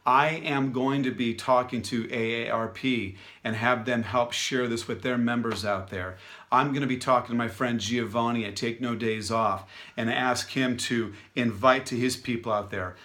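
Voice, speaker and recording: A man talking straight to his followers in an energetic, enthusiastic way, a little out of breath. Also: mid-range voice, normal speed. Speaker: vlogger addressing followers. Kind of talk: casual direct-to-camera announcement.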